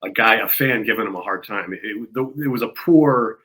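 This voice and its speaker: A male host leads the interview with long, searching questions full of hesitations. His voice is fairly low but bright and forceful. He sounds engaged with his guest. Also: normal speed, rough recording. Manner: rambling, hesitant questions with fillers. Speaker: podcast host.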